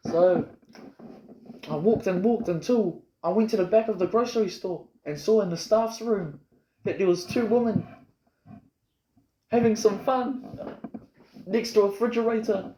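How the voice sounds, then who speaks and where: A man's voice: high-pitched, unhurried, pauses often, dark tone. A man improvising a rambling, boastful, absurd comic story, recorded in an echoey room. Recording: roomy echo with faint noise.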